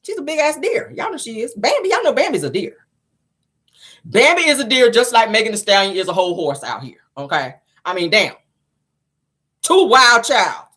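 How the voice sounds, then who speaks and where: A woman hosting a casual gossip show, sassy and animated, calling her listeners child and honey. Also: on the high side, normal speed, husky. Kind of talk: casual celebrity gossip commentary.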